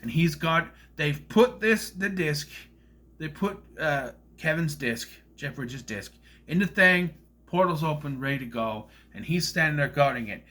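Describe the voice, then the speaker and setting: A man talks through a film in a loose, rambling review, his pitch swinging widely as he goes. His voice is bright and on the higher side for a man, and he keeps breaking into goofy voices to act out the characters' lines. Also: animated, measured pace. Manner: rambling, acts out quotes in silly voices. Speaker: movie reviewer. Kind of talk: casual film review monologue.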